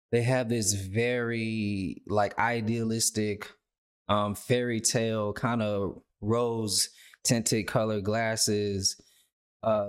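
Rambling, profane male podcast host. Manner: rambling, profane, repeats words, voices imagined people with a raised pitch. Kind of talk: casual commentary.

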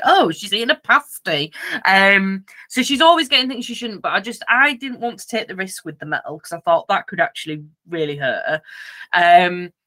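A woman co-hosting a podcast, telling a story in lively casual chat, acting out voices, laughing and swearing. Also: medium pitch. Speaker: podcast co-host.

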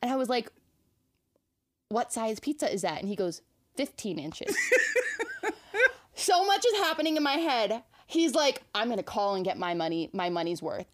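A woman co-hosting a podcast, telling a story in a casual, chatty way with lots of filler words, animated and incredulous, often laughing. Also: a little high. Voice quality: fast, chatty, packed with "like" fillers. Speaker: podcast co-host.

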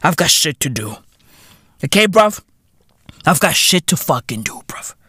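Man, South African accent, comedy host, profane mocking rant, bright sharp tone, dry close sound. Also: fairly high pitch, big pitch swings, a little slow, slightly rough, no room sound. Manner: profane, mocking, heated ranting. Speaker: show host.

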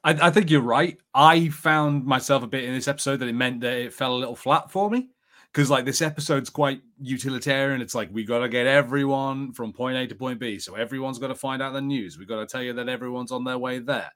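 A man's voice: mid-range voice, a little fast, fairly bright tone. A man co-hosting a podcast, chatting easily about a TV episode and telling stories, laughing often. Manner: easygoing, laughs often, storytelling. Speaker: podcast co-host. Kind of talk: casual chat reviewing a TV episode.

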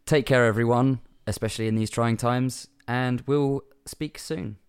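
A man's voice: mid-range voice, fairly even intonation, a little slow, clean tone. A young man co-hosting a casual podcast, joking and laughing often as he signs off. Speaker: podcast co-host.

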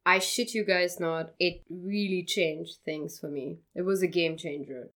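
A woman's voice: on the low side, steady tone, unhurried, fairly bright tone. A young adult woman chatting candidly as a podcast guest, swearing casually.

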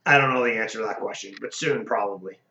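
A man chatting casually in a relaxed, joking way, often poking fun at himself. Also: lowish voice, fast talker. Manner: joking, self-mocking, relaxed. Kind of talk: casual chat. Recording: echoey lo-fi room with faint noise.

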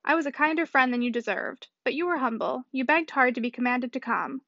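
An arch, playful young lady, sure of her own wit, as a woman reads her. The voice is high. The recording sounds dry and dull. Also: brisk, sharp tone, dry recording. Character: witty self-assured young lady.

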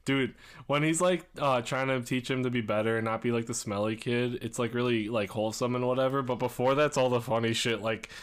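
A man's voice: medium pitch, steady tone, brisk, clear, resonant tone. A young man, a podcast co-host chatting casually and swearing a lot as he rambles. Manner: rambling, swears a lot, acts out movie quotes. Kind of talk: casual chat.

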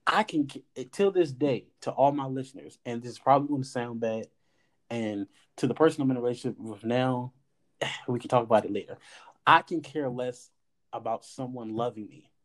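A podcast host with a mid-range voice and moderate pace tells a personal story in casual chat. His delivery is animated, he acts out quoted dialogue, and he swears now and then.

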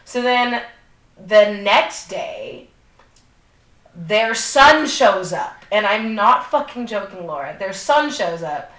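Speaking slowly in a mid-range voice, a young woman co-hosting a podcast narrates a movie's plot. Her casual chat is profane, animated, and full of fillers, captured in an echoey room.

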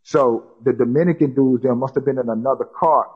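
A man's voice: mid-range voice, a little fast, breathy edge, dull audio. A man telling a personal story in casual talk, repeating himself and acting out what people said. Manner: repetitive, acts out quoted dialogue.

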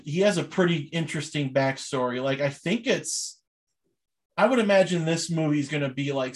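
Chatty young man with a higher voice. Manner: rambling, enthusiastic, many fillers. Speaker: podcast host. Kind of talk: casual chat.

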